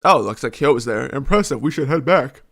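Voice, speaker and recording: A man's voice: mid-range voice, expressive, a little fast, fairly bright tone. A man streaming a live reaction to a comic chapter, reading lines aloud and making sarcastic, critical remarks.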